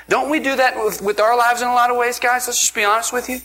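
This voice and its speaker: A man preaching a sermon in an energetic, emphatic way, often repeating words as he builds his point. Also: very high-pitched, fast, hardly any pauses, rough recording.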